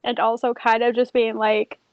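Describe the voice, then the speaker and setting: A woman chats about her tabletop character, stringing thoughts together with lots of fillers. Her voice is slightly high and sounds muffled and dry, like a cheap home mic with no room sound. She talks loosely and casually. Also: completely flat delivery, moderate pace, a little mellow, clear, resonant tone, no echo. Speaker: player. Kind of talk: casual chat.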